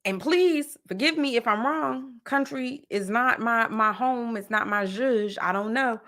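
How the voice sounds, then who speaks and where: Bright-voiced Jersey woman chatting pop culture. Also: a little high, unhurried. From New Jersey. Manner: animated, playful, breaks into sung parody bits. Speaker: podcast host. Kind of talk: casual pop culture chat.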